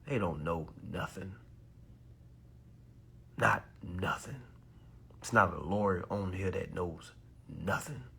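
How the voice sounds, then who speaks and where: A man, ranting loudly and preachily about banks, lawyers and people's rights, swearing as he goes. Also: deep voice, slow pace, vocal fry, pauses often, slightly rough. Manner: loud, animated, preachy, swearing, mocking voices. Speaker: consumer advice live streamer. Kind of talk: heated ranting talk.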